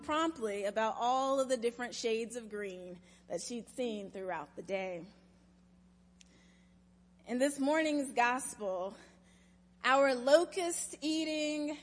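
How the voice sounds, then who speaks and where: A woman pastor giving a sermon, telling a story in a measured, expressive way, in a church sanctuary. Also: on the high side, big-room sound.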